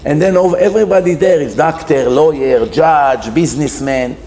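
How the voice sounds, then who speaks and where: A man's voice: on the high side, normal speed, slight background noise. A man, a rabbi, giving a humorous sermon, animatedly acting out the figures. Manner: animated storyteller acting out characters in quotes.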